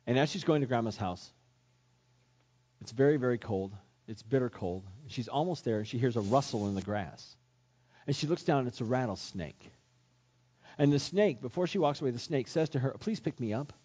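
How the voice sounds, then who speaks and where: Husky-voiced man preaching earnestly. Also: medium pitch, expressive, normal speed, long pauses, warm tone. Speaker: pastor. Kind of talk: sermon. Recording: dull lo-fi sermon recording.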